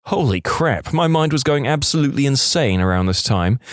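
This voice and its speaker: Animated male story narrator, dry close mic. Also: medium pitch, fairly quick, dry recording. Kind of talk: reading submitted stories aloud.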